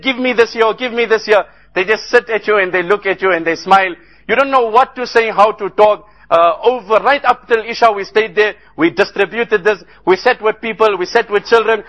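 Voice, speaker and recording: Recorded in low quality, this man from South Africa has a high, pushed, bright voice. As an Islamic speaker, he gives a heartfelt sermon recounting stories from a relief trip and rises into passionate appeals.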